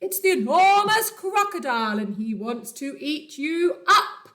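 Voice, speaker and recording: A woman voicing a big, brave male elephant who bellows commands loudly. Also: mid-range voice, a little slow, voice pushed down, lightly acted. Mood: bellowing.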